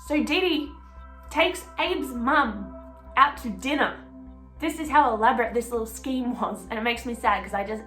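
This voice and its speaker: A woman's voice: fairly high pitch, moderate pace, a bit bright, echoey room, soft background music. Chatty woman telling a true crime story. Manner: chatty, emotional, swears freely, fillers of "like". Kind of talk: casual storytelling.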